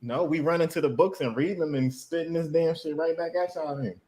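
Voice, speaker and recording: A man co-hosting a live stream, chatting casually with animated, profane banter. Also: a little high, brisk. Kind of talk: casual chat.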